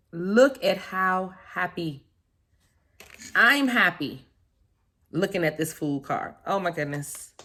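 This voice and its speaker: A woman who reads tarot, unboxing a deck in a casual vlog, gushing and effusive as she talks straight to her viewers. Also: on the low side. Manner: gushing and effusive, with soft exclamations; talks directly to viewers, calling them guys and baby. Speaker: tarot reader and spiritual vlogger.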